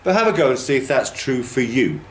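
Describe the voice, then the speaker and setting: A man's voice: medium pitch, big pitch swings, brisk, a little hiss or hum. A man teaching a training class, explaining patiently and stretching words out to show their stress. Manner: patient and explanatory, exaggerates word stress in demonstrations. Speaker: TESOL course trainer. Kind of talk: classroom lecture. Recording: roomy classroom echo.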